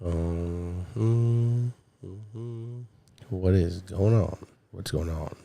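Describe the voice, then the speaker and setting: On his casual solo livestream, the host drags out his words in a low, warm voice with vocal fry, still rough from a recent illness. He wanders from topic to topic, swearing as he talks to viewers. The sound is dry, captured on a studio mic with a podcast mixer.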